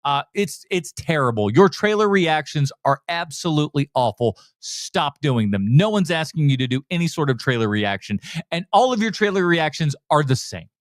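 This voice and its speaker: A man's voice: on the high side, very animated, moderate pace, hardly any pauses, no room sound, clean studio sound. A man hosting a movie podcast, ranting sarcastically and with exasperation about a trailer ad. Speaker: podcast host. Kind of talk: casual ranting commentary.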